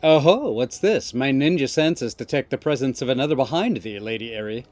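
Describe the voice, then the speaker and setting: A man's voice: mid-range voice, expressive, brisk, a little mellow, no echo, close to an everyday voice. A man voicing a theatrical young male ninja student who speaks in archaic, flowery phrases. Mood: grandiose. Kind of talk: reading game dialogue aloud.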